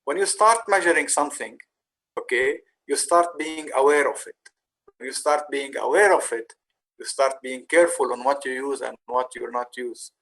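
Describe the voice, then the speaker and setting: Male course instructor, mid-pitched, gravelly, patient explainer. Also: normal speed, fairly bright tone, rough recording. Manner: explanatory, with frequent fillers and restarts. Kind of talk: lecture on facility management.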